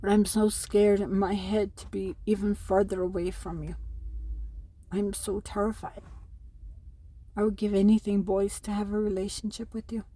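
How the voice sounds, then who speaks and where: A middle-aged Irish woman, a mother at home in New Mexico, speaks straight to camera about custody, addressing her sons in an aggrieved, pleading, emotional appeal. Her medium-pitched voice is warm and level in tone, and she talks fairly quickly with few pauses.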